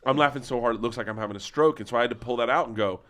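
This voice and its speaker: A comedian guest chats casually, telling rambling stories with frequent restarts and acted-out quoted asides. His mid-range voice races along and sounds a bit bright.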